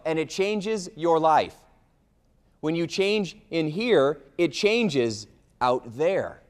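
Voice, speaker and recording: Animated male motivational speaker. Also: fairly high pitch. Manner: animated storytelling, acting out a frustrated man's complaints. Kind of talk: motivational talk with told stories.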